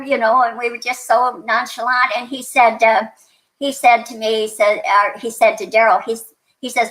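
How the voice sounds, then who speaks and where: This podcast guest, an older woman from New Mexico, USA, rambles through her stories in a casual interview, with lots of restarts and fillers. Her voice runs on the high side, steady and a bit bright, at a moderate pace, on a rough recording.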